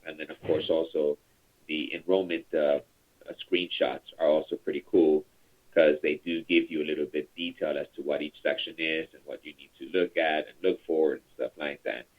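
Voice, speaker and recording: A man's voice: a bass voice, flat delivery, normal speed. A man leading a call center training over a conference call, chatty and rambling with many fillers. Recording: tinny phone line.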